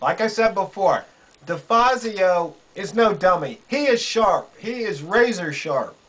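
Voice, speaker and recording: Slow, sarcastic high-voiced man. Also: expressive, a bit bright, rough recording. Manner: sarcastic, incredulous, repeats himself. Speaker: political commentary vlogger. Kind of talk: casual commentary. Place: quiet room under a roof in rain.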